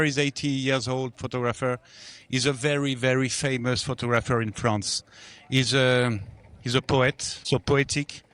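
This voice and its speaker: A man presenting a photographer's exhibition, halting and using many fillers. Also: mid-range voice, a bit bright, no echo. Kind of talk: exhibition guide talk.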